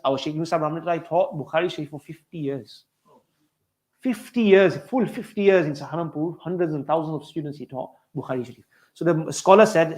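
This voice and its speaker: Fast-talking male preacher telling stories. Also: high voice, expressive. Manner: storytelling, addresses listeners as dear brothers. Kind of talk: sermon.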